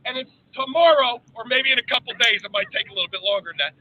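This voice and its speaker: A man giving a fiery, profane speech to troops, shouting and laughing between lines. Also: very high-pitched, fast, dull audio. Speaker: military speaker.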